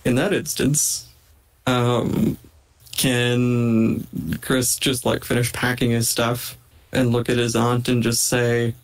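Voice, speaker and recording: A man talks through his character's plans at a tabletop game, looping back with "like" as he thinks. His voice sits at an ordinary middle pitch. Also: flat delivery, slow pace, poor audio. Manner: rambling, heavy use of "like". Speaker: player. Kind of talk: casual chat at the game table.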